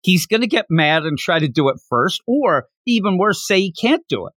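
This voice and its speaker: An animated man hosts a casual chat, with a voice that swings high and low. He sits close to a dry mic. He sits a bit high in his range. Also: normal speed, dry recording. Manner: animated, acting out characters, laughing. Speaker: podcast host.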